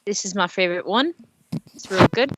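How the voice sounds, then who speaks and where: A woman's voice: medium pitch, lively intonation, a little fast. A woman playing a character in a tabletop game, rambling with many fillers and casual swearing. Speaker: player. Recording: dull lo-fi mic with faint noise.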